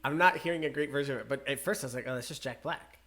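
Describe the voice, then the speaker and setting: A man's voice: medium pitch, very fast. A man co-hosting a podcast, guessing answers, exclaiming and laughing in casual chat. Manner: animated, exclaims and laughs, asks for hints. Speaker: podcast co-host guessing singers. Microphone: headphones and microphone.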